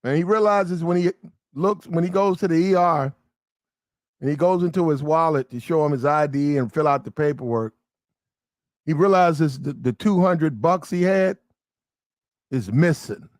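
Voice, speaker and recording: A man giving animated storytelling commentary, full of slang. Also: on the high side, moderate pace, no echo, clean studio sound.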